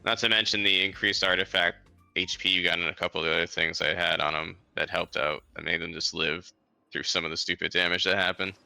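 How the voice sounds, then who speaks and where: A young man chatting in an easygoing way with plenty of fillers. His low voice is gravelly and edged with vocal fry, yet very bright and sharp. It's recorded dry and close, with faint music underneath. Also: fairly even intonation, fairly quick, no room sound. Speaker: podcast co-host. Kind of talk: unscripted casual chat.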